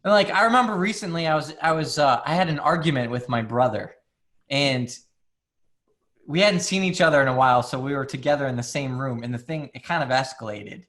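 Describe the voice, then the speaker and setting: A man's voice: medium pitch, fairly quick, fairly bright tone. A man, a psychologist, speaking as a guest in a candid, casual conversation full of fillers and restarts.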